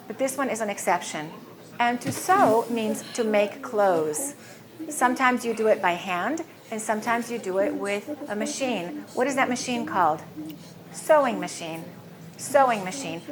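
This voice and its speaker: A woman teaching English pronunciation, speaking slowly and clearly, saying each word twice. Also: fairly high pitch. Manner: slow, clear modeling of words, repeating each twice. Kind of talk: pronunciation lesson.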